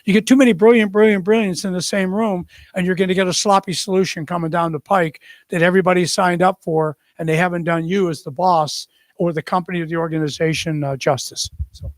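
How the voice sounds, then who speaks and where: A man in his sixties, a retired military officer, telling anecdotes in an animated way and acting out the people in them. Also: high voice, fairly quick, no echo. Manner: animated storyteller who acts out the people in his story. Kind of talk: anecdotal storytelling.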